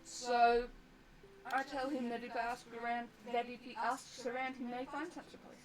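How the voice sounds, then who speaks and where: A woman's voice: a little high, level tone, normal speed, recorded from a distance, a crowd in the background, rough recording. A woman in casual tabletop game chat, playful and eager as she plays her character. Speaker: player.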